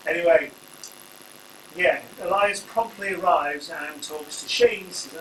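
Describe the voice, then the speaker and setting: This man hosts a wrestling review channel, rambling casually and tossing in jokes along the way. His voice is a little high and a bit bright, with a measured pace, recorded through a distant mic in an echoey room with a faint hum.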